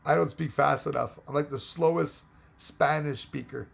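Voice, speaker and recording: Canadian man, gravelly voice, loose jokey stream host reading chat aloud. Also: a little high, fairly even intonation, normal speed. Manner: rambling, jokey, greets viewers by name. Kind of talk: casual live chat.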